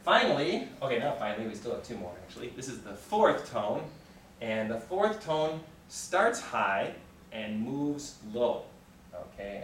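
A man's voice: fairly low pitch, a little hiss or hum. Patient male teacher in an echoey classroom. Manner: patient, encouraging, frequent "okay" checks. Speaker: Mandarin teacher. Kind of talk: classroom language lesson, call and response. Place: classroom with students. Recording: echoey room, recorded from far off.

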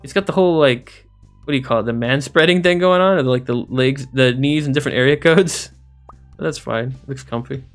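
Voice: medium pitch, a little fast, soft background music. A game streamer making casual, jokey, rambling commentary while playing. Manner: jokey, rambling, laughs often.

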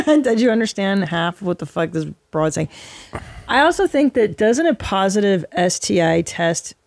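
A woman co-host chatting loosely on a podcast, her pitch swinging up and down as she laughs and teases. She swears freely and reacts out loud to whatever she watches. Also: animated, unhurried, vocal fry, dry recording. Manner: laughing, crude, teasing. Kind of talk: casual chat.

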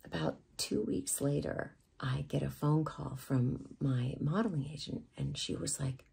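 A woman's voice: extremely low pitch, unhurried, vocal fry, hardly any pauses, dark tone, slightly rough. A woman vlogger telling a personal story in a candid, confessional way with self-deprecating humor.

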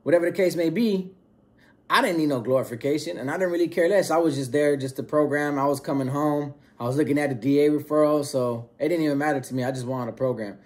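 A man with a slightly higher-pitched voice tells a story in relaxed street slang. He retells it in an animated way and acts out the lines of the other people in it. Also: quick pace. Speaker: storyteller recounting prison experience. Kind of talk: casual storytelling.

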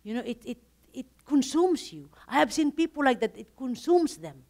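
Higher-pitched woman. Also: big pitch swings, moderate pace, a little mellow. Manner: earnest, storytelling with laughs. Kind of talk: Bible study talk.

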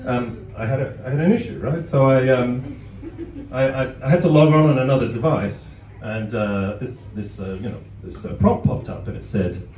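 A man's voice: medium pitch, normal speed, darkish tone, slight background noise. A man performing a stand-up comedy set in a club, chatty, breaking off with apologetic asides. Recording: roomy, distant, dull audience recording. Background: audience laughter.

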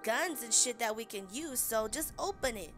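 Woman as a blunt, hungry woman, high voice, soft music behind. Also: animated, moderate pace. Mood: impatient. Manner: blunt, impatient. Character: hungry, impatient woman in a wig.

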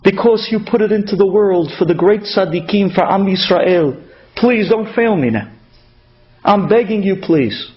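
A man's voice: high voice, lively intonation, moderate pace, highs cut off. A man quoting a poor humble wife of a water carrier, in an earnest, pleading tone.

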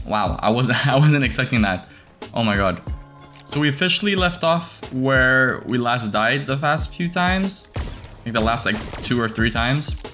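A young man giving casual commentary over his game, excitable and swearing, breaking into shrieks when he finds something. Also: mid-range voice. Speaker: gaming streamer.

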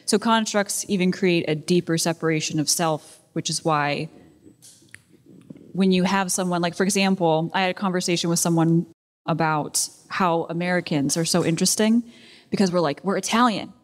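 A woman's voice: lowish voice, fairly even intonation, normal speed. A woman in the audience asking a question at a live event, thinking aloud and rambling with many likes. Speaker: audience member. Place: event hall. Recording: long hall reverb at a live event.

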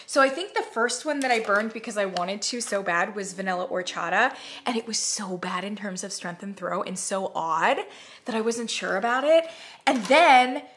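A woman chatting casually to camera as she reviews candles, animated, now and then dropping to a whisper. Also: medium pitch, normal speed, a little hiss or hum. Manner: chatty, animated, swearing, drops into whispers and mock voices.

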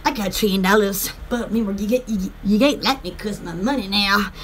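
A woman's voice: mid-range voice, a little fast, slight background noise. A woman chatting in a rambling, goofy live stream at home, giggling often. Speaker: vlogger.

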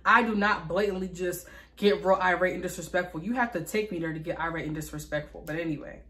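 A woman's voice: on the low side, quick pace, sharp tone. A young adult woman telling a candid storytime in a vlog, venting with lots of fillers and swearing. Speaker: vlogger.

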